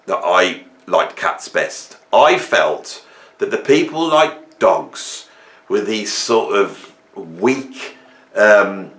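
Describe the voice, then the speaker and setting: A man in his fifties hosting a casual monologue, rambling and humorous as he tells animated stories. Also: on the low side. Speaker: host. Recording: roomy echo.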